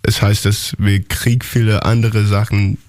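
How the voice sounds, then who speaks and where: Male band guest, halting, lowish voice, dry studio sound. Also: flat delivery, a little mellow, dry recording. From Australia. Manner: hesitant, many restarts, searches for words. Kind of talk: radio interview in halting second-language German and English. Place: radio studio.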